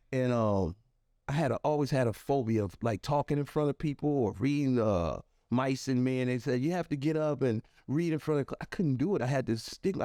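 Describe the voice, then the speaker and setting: Animated male podcast guest storyteller. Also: dry recording, clean studio sound. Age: adult. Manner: animated, acts out quoted voices with sharp pitch jumps; conversational, frequent fillers like "you know" and "right". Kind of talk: personal storytelling.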